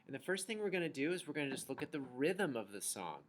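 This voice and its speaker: A man's voice: a little high, big pitch swings, quick pace, noisy background. Patient man teaching a kids' music lesson. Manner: patient, encouraging, chanting rhythm syllables. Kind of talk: recorded online music lesson for children.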